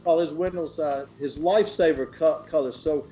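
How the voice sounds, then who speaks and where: Older man, folksy chatty guest, mellow voice, soft music behind. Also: a little high, moderate pace. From Memphis, Tennessee. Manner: folksy, chatty, many fillers and restarts. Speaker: guest clothier. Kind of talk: casual storytelling interview.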